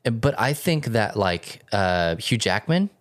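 Animated male podcast co-host, dry sound. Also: lowish voice, no echo. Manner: animated, jokey, quick asides. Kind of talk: casual podcast chat.

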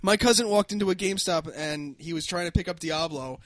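Man, podcast co-host, high voice, dry sound, laughs a lot, swears, casual chat. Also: brisk, no echo. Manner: laughs often, swears freely.

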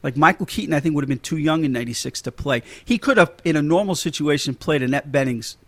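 A man talks through a film scene on a podcast in a loose, chatty way, full of "you know"s and quick laughs. His voice sits a bit high for a man. The sound is close and dry, with no room around it. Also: fairly bright tone, no room sound. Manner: chatty, laughs often, many fillers and restarts. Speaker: podcast host. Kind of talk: casual movie commentary podcast.

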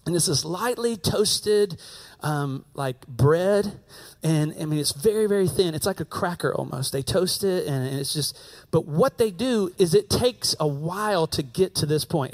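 An American man preaching a sermon in a high, light voice. He tells his story in a chatty, conversational way and keeps circling back to repeat his key phrases. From United States. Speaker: pastor.

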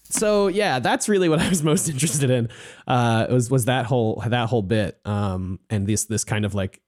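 A man's voice: mid-range voice, normal speed, a little mellow. A man co-hosting a casual book discussion, rambling a little with restarts and acting out characters' lines. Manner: rambling, many restarts, acts out characters in quotes. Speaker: podcast co-host.

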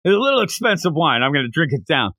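A boozy, rambling drunk , as a man puts him on, talking over his wine. His voice is bright and forward, recorded close and dry. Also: fairly high pitch, very animated, fast, dry recording, full character voice. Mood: tipsy.

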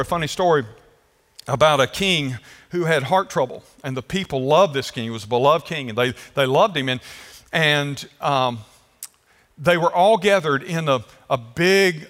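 High bright-voiced preaching man. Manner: emphatic preaching, drawn-out phrases and questions to the congregation. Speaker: pastor. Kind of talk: sermon. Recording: echoey hall.

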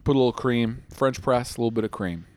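A man co-hosting a casual remote podcast, goofy and quick to joke around. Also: mid-range voice. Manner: goofy, silly, jumps into bits. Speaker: podcast co-host.

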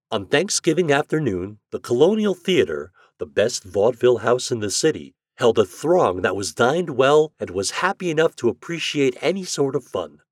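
A man narrating an old holiday story aloud in an expressive, lively manner. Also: medium pitch, moderate pace, hardly any pauses, no echo, studio quality. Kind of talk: storybook reading.

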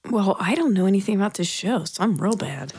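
A woman's voice: medium pitch, lively intonation, brisk, a little mellow, slightly rough, no room sound. A woman co-hosting a casual podcast, bantering in a teasing, playful way. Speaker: podcast co-host. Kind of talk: casual chat.

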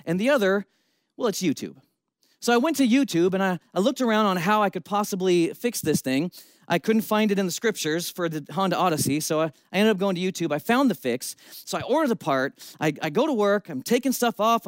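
High-voiced male pastor, animated storyteller in the pulpit, dry close sound. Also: dry recording. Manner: lively storytelling preacher with shifting emphasis. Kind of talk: sermon.

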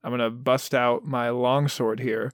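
A man's voice: medium pitch, level tone, unhurried, clean tone, dry recording, clean studio sound. A man playing a tabletop game character in a playful, self-mocking way. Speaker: player.

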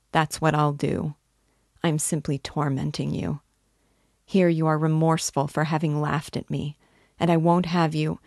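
A woman's voice: deep voice, vocal fry, darkish tone, no echo, clean studio sound, exaggerated voice. A woman reading the part of a shy young man, earnest and self-reproaching. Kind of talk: dramatic reading of a novel.

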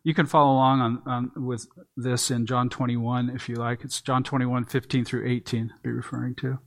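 This sermon comes from a pastor at the pulpit who explains a text verse by verse, teaching in a plain, conversational manner and now and then restarting a phrase. His gravelly voice is of ordinary middle pitch, with flat delivery at normal speed.

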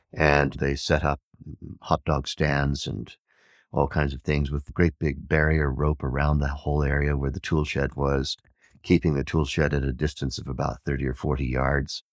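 A man telling a parable and teaching on Vedic wisdom, an animated storyteller who acts out the villagers' shouts. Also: very deep voice, no echo, clean studio sound. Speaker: podcast host and teacher.

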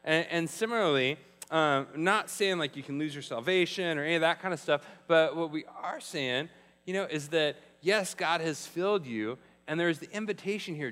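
A male pastor preaching a sermon in a conversational, emphatic way, slowing down on key phrases. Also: a little high, fairly bright tone, big-room sound. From Arizona, US.

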